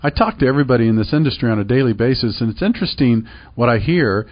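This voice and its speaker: Middle-aged man, emphatic radio host, rhetorical questions, medium pitch, slightly dull radio audio. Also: expressive, fast. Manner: emphatic and persuasive, repeats points, asks rhetorical questions. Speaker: radio show host and real estate professional. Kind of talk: call-to-action radio talk.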